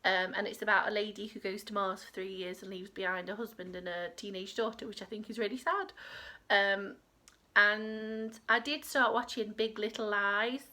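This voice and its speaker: A woman's voice: mid-range voice, fairly even intonation, moderate pace, sharp tone. A woman hosting a crochet podcast from home, rambling in casual chat with lots of fillers. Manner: rambling, chatty, with many fillers.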